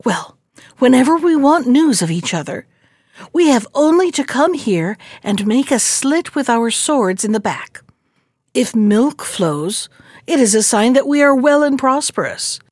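A kind, hopeful younger brother from a fairy tale, a poor fisherman, voiced by a woman in a gentle, coaxing tone. The pitch sits fairly high and moves expressively. The sound is dry and close to the mic. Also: sing-song, unhurried, no echo, exaggerated voice.

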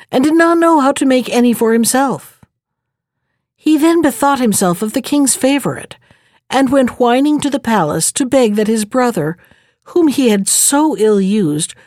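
A woman reading a fairy tale aloud in a measured, expressive storybook narration. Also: mid-range voice, no echo, studio quality.

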